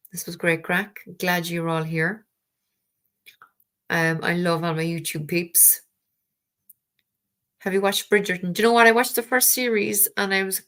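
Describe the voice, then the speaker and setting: An Irish woman talks to her live-stream viewers in a relaxed, rambling way. Her voice sits a little lower than most women's. She leans on fillers and drops in a casual curse now and then. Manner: chatty and rambling, with frequent fillers; swears casually. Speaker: tarot livestream host.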